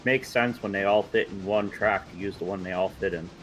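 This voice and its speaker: A man with a fairly low voice chats casually during a game session. He asks plain, matter-of-fact questions, and faint music plays in the background. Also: brisk, a bit bright, highs cut off. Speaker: co-player.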